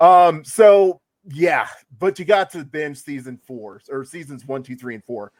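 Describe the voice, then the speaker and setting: A man's voice: fairly high pitch, expressive, measured pace. A man hosting a casual podcast chat, joking as he leads the discussion. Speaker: podcast host.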